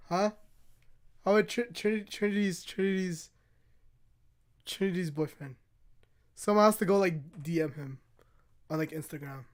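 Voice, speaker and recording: A young man streaming live, chatting casually and excitably while reacting to videos, laughing often and swearing freely. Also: high-pitched, normal speed, long pauses.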